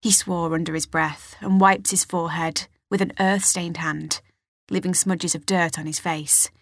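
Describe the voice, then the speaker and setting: A woman narrating an audiobook in measured, expressive storytelling. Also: lowish voice, dry recording, clean studio sound. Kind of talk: scripted narration.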